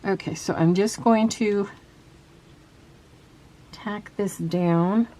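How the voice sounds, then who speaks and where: A woman hosting a casual crafting tutorial, talking softly and trailing off as she works at her table. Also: medium pitch, extremely slow. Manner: soft-spoken, chatty, trails off while working. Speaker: craft video host.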